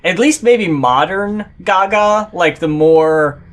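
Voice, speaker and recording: A man's voice: sits high, takes it slowly, crowd noise. A man co-hosting a casual album review, emphatic and profane, gushing about songs. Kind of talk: casual chat.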